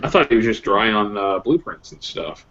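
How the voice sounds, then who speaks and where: A man's voice: on the low side, expressive, a little fast, a bit bright. A man running a tabletop game as game master, chatty and joking with fillers, over slightly muffled voice chat.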